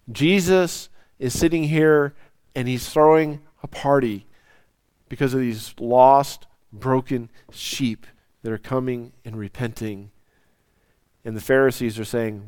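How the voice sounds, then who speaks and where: A man preaching a sermon, swinging from loud, soaring lines down to near whispers. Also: mid-range voice, clean tone, no echo. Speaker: pastor.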